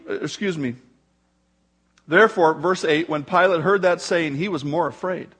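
A man's voice: sits high, normal speed, husky. A man preaching a sermon, reading scripture aloud with dramatic force before explaining it. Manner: reads scripture dramatically, rising for quoted shouts. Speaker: pastor.

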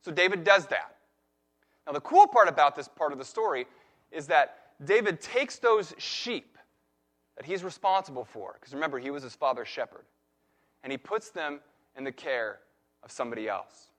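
A man preaching a sermon, retelling a Bible story in a lively way and acting out the characters' lines. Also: fairly high pitch. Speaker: pastor.

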